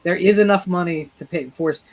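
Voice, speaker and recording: A man co-hosting a casual group chat online, wry and quick to call on others. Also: sits high, crowd noise. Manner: wry, calls on others to perform.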